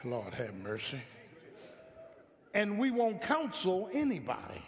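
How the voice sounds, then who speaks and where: A man's voice: sits high, huge pitch swings, slow pace. A male pastor preaching a sermon in a church, calling for response from the congregation and repeating his words as he builds. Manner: call-and-response preaching with repeated stammered phrases. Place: church sanctuary. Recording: echoey hall, dull lo-fi sound.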